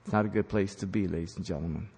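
A man preaching a sermon, teaching in an emphatic style that rises to loud commands. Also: low voice, racing, vocal fry, slightly rough. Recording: long hall reverb.

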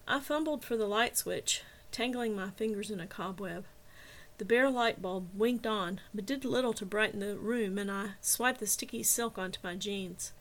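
A woman, the author, narrating her own novel in the first person with steady, measured storytelling. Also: medium pitch. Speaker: author and reader.

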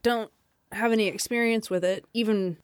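A woman's voice: mid-range voice, steady tone, normal speed, clean tone, no room sound. A woman co-hosting a podcast, chatting casually and teasing her friend. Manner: playful, teasing, swears casually. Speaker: podcast co-host. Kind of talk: casual chat.

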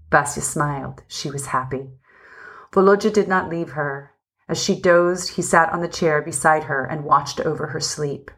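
Gentle woman reading a story aloud, low voice. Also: normal speed. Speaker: audiobook reader. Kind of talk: scripted narration.

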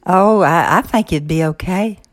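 A woman's voice: fairly low pitch, unhurried. Homespun older woman, hesitant speech. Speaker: podcast co-host. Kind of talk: casual chat. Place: office.

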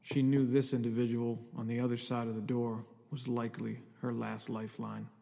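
A man reading a scripted horror story in a measured, even storytelling manner. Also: medium pitch, creaky. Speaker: narrator. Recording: long reverb with music underneath.

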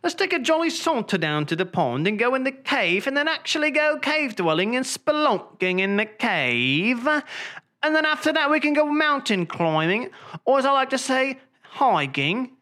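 A man's voice: extremely high pitch, sing-song, normal speed, bright, forceful tone, pitched above the performer's own voice, full character voice. A man doing a playful put-on British accent as a jolly young Brit. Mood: chirpy. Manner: chirpy, playful, sing-song.

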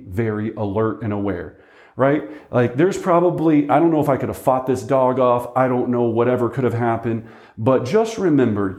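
A man's voice: medium pitch, dark tone. A man working as a real estate agent tells a story to teach a lesson, chatting casually and often checking in with "right?". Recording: roomy echo.

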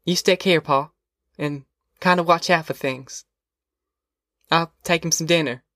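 A man voicing a weary, steadfast migrant mother who speaks quietly and firmly in a rural drawl. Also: on the high side, steady tone, measured pace, dry recording, studio quality, voice pushed up. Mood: urgent, worried.

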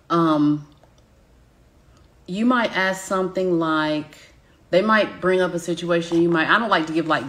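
A Southern American woman teaching a live coaching masterclass, emphatic and checking in often with her audience. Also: low-pitched. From Southern United States. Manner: emphatic, addresses audience directly with repeated check-ins. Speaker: business coach.

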